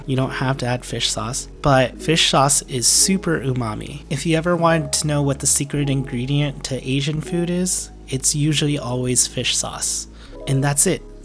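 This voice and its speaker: A tipsy man chats his way through a home cooking show, cracking jokes and swearing freely as he goes. Soft music and the sizzle of a frying pan sit faintly behind him. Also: medium pitch. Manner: rambling, joking and swearing freely. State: drunk. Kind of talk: casual cooking chat. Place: home kitchen.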